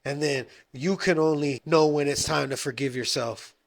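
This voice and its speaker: A man's voice: on the high side, normal speed, gravelly. A man hosting a podcast in casual conversation, affirming the guest and finishing his thoughts. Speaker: podcast host.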